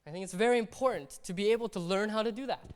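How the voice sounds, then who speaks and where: Racing through his sermon, this pastor speaks in a high, clear, resonant voice. His preaching is chatty, and he dramatizes little day-to-day moments as he goes. It was captured in a church hall with long reverb.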